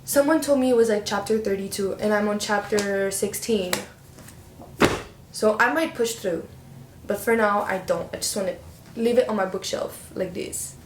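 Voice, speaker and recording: A young woman chatting casually as a book vlogger, expressive and playful, with slang. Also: mid-range voice, moderate pace. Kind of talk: casual book review chat. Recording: roomy echo with faint background hiss.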